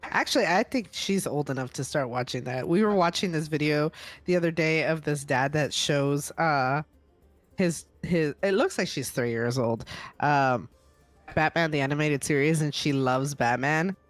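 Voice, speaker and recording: A young adult woman chatting casually during a co-op game stream, telling stories in animated bursts. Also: low voice, moderate pace, no room sound, soft background music. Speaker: co-op stream player. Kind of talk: casual chat while gaming.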